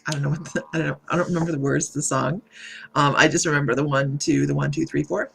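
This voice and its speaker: A woman doing a live psychic reading, speaking in a halting, meandering way and greeting viewers by name as she reads their comments. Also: deep voice, steady tone, creaky, slightly rough. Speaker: psychic medium.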